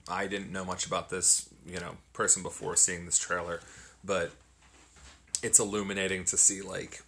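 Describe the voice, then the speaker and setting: A man co-hosting a podcast, chatting casually in a relaxed way, quick to laugh. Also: sits low, slight background noise. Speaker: podcast co-host. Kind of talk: casual chat.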